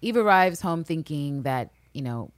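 A woman co-hosting a casual recap podcast, profane and animated, acting out the characters' lines in high voices. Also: measured pace, no echo, studio quality. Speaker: podcast co-host.

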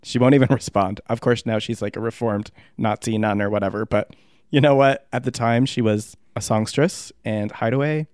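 A man's voice: medium pitch, steady tone, normal speed, a little mellow, smooth, no room sound, clean studio sound. A man co-hosting a casual music review podcast, joking and laughing often. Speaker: podcast co-host.

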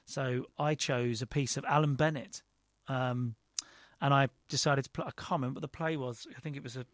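A man's voice: medium pitch, fairly even intonation, a little fast, a bit bright, dry recording, studio quality. A man, a guest in an interview, telling a rambling, self-deprecating story with frequent restarts. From London, England. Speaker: actor and director guest. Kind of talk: casual interview chat.

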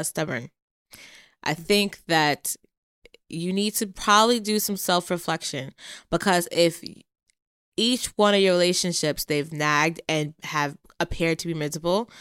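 A woman co-hosting a casual podcast, her voice sitting a touch low and sounding smooth and resonant. She talks bluntly and swears freely, and a close mic gives a dry sound with almost no room. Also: a bit bright, no room sound. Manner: blunt, profane, laughs often. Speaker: podcast co-host. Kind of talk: casual chat.

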